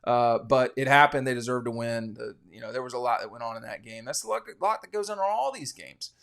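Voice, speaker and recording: A man's voice: medium pitch, expressive, quick pace, gravelly, fairly bright tone. A man hosting a casual college football podcast, giving rambling, opinionated betting commentary with frequent restarts. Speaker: sports podcast host.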